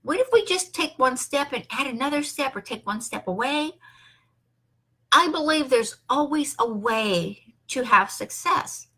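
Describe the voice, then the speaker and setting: A woman's voice: high voice, expressive, measured pace, bright, forceful tone, breathy edge. An older woman and grandmother, talking in an enthusiastic, emphatic, upbeat way about her online business. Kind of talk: motivational talk to camera.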